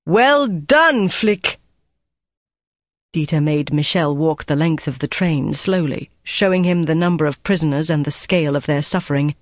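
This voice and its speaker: Audiobook narrator reading a war thriller, steady and even, dry booth sound. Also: mid-range voice, brisk, few pauses, no room sound. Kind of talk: scripted narration.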